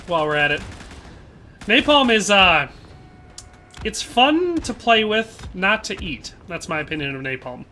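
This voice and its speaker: A man with a high, sing-song voice live-streams a shooter game, speaking at a measured pace with long pauses and a sharp tone. He chats casually, reads viewer comments aloud, and rambles while tacking playful tag phrases onto his lines. Slight background noise can be heard.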